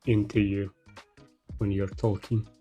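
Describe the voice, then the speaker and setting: A young man hosting a casual chat, speaking English haltingly and switching to relaxed commentary. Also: on the low side, muffled recording, faint music behind. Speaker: English teacher, host.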